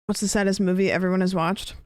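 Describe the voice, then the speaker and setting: A woman's voice: mid-range voice, steady tone, quick pace, dry recording, studio quality. A young woman streaming a game, chatting with viewers in a rambling, casual way. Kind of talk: casual gameplay chat.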